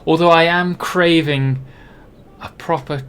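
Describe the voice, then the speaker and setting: A man's voice: on the high side, fairly even intonation, slow, fairly bright tone, clear, resonant tone. A young man from Britain chatting casually on a live game stream, rambling and self-deprecating, with many ums and restarts. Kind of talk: casual live-stream chat while playing.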